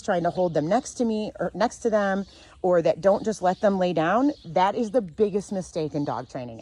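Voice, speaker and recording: A woman dog trainer teaching outdoors, calm and sure as she explains leash handling. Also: lowish voice. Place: outdoors near a fenced dog area.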